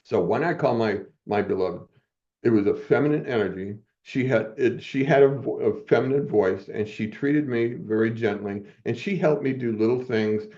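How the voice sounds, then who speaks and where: Mellow older man telling stories. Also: mid-range voice, normal speed. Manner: rambling, chuckles often, self-correcting. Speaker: podcast guest. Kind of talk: storytelling in a casual interview. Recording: muffled, dull audio.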